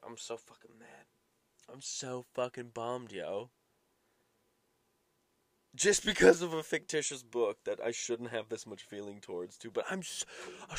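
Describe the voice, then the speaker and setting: A man's voice: mid-range voice, expressive, unhurried, no echo. A man hosting a solo podcast, rambling and swearing and drifting from topic to topic. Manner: profane, rambling, easily sidetracked. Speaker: podcast host.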